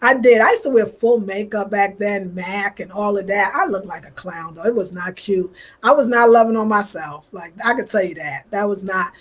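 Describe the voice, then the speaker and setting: A woman's voice: medium pitch, moderate pace. A woman in her fifties from New York with a New York accent, chatting casually and animatedly with viewers on a live stream. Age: 50s. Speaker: vlogger.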